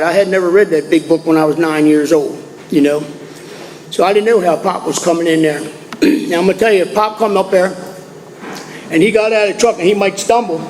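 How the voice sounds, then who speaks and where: An older man from Maryland tells his life story to a recovery meeting, plainspoken and folksy, often repeating himself. His voice sits high for a man. A long hall reverb and faint room noise hang behind him. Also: darkish tone. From Maryland, USA. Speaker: AA speaker. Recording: echoey hall with faint ambience.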